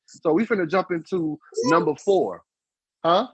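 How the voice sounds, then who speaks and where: A man's voice: on the high side, animated, measured pace, breathy edge, dry recording, lo-fi sound. A man co-hosting a relationship advice podcast, talking casually and animatedly, with emphatic repeats. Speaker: podcast co-host.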